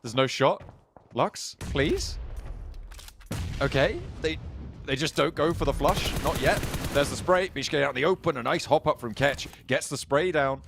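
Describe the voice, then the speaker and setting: A man doing live play-by-play commentary on an esports match, brisk and jokey. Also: fairly high pitch, gravelly, slight background noise. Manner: brisk, jokey, building excitement on big plays. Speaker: esports caster.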